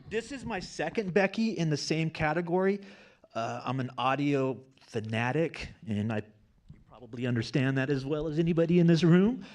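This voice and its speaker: Man, fifties, slightly raised pitch; emotional award winner, stumbling and fighting back tears. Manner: halting, full of fillers, earnest. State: on the verge of tears. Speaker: award winner and graduate student. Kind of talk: emotional acceptance speech. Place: on stage at a campus award show.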